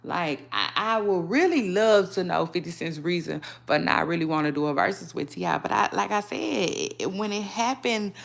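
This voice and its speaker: Chatty gossip host, animated and laughing. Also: female voice, fairly low pitch, normal speed, gravelly, hardly any pauses. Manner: chatty and animated, laughing, with many fillers and restarts. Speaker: gossip vlogger. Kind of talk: casual celebrity gossip commentary.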